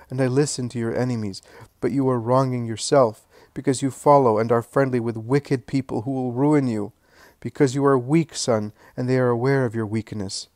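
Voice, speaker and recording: A man voicing a grieving older mother who pleads in a high, loud voice. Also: no room sound, studio quality, close to an everyday voice. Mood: pleading. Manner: high, loud, wailing pleas.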